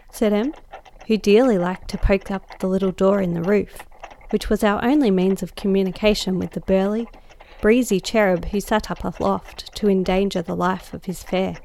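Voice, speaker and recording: Woman, gravelly voice, story narration, measured, expressive. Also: mid-range voice. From Australia. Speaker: guest host, story narrator. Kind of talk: audiobook narration.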